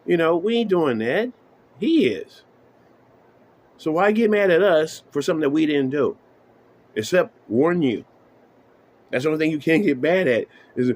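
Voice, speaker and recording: A man's voice: fairly high pitch, sing-song, fairly quick, darkish tone. Man ranting casually to camera. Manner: profane, emphatic, repeats "you know what I'm saying". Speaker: vlogger.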